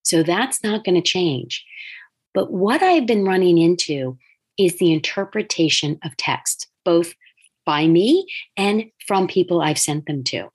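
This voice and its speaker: A middle-aged woman with a husky, slightly low voice talks through her work life on her own podcast. She tells stories in an animated, conversational way and slips into other people's voices when she quotes them. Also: measured pace. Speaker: podcast host, designer. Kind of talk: casual solo podcast talk.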